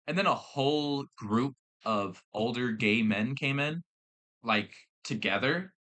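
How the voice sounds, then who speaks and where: A man's voice: mid-range voice, takes it slowly, sharp tone. A young man, hosting a podcast and telling rambling stories full of swearing and fillers. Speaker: podcast host. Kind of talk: casual storytelling chat.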